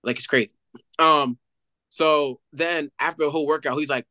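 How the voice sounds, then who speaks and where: A young man, an athlete guest, telling a story in an animated casual way with many fillers. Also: a little high, normal speed, no echo, poor audio.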